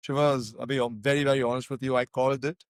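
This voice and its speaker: A man co-hosting a casual football podcast, talking in an excitable, chatty way with lots of fillers. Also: medium pitch, fast, smooth, no echo. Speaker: podcast co-host.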